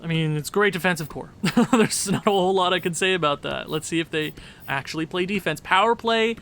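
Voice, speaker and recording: Bright excitable male game commentator. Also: high voice, a little fast. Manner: excitable, rambling, self-correcting. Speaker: gaming commentator.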